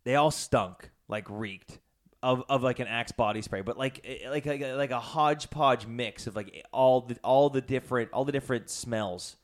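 A man's voice: mid-range voice, normal speed. A man in casual chat, telling a rambling story full of swearing and restarts. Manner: rambling, profane ranting storyteller.

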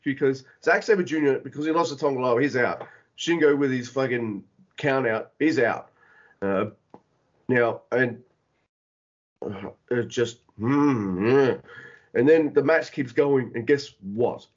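Exasperated, husky-voiced podcast man. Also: a little slow, lo-fi sound. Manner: animated, swearing, voice jumps high in exasperation. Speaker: podcast co-host. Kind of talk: casual podcast chat.

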